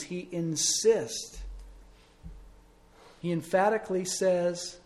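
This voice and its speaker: Male pastor, middle-aged, earnest sermon and prayer, soft low passages then loud emphatic ones, voice a bit high.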